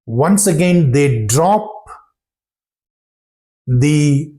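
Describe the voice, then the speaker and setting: Slow, mellow-voiced teacher, man. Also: on the high side, lively intonation. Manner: repeats phrases and checks understanding with "got it?". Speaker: English pronunciation teacher. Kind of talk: slow, deliberate classroom explanation.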